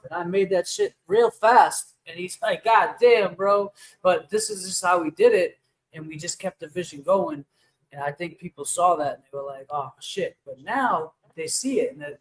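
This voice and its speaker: A man's voice: high voice, low-quality recording. A man hosting a casual livestream chat, talking in an emphatic, profane, rambling way. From Boston.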